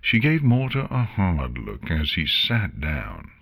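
A man narrating a fan fiction story in a calm, measured way. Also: very deep voice, creaky, slightly rough.

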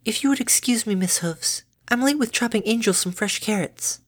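A woman's voice: fairly high pitch, normal speed, pitched above the performer's own voice, close to an everyday voice. A woman voicing a shy, polite adult mare pony in a fan fiction reading.

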